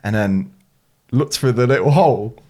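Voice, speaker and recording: A young man co-hosting a podcast, telling a story in a casual, sweary way. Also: moderate pace. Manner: animated, sweary, dramatic pitch swings. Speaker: podcast co-host.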